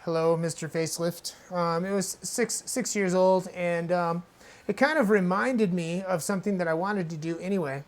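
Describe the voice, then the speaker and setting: A man with a high-sitting voice speaks at a moderate pace. He's hosting a casual tutorial on music hardware, chatting loosely and often checking in with "right?".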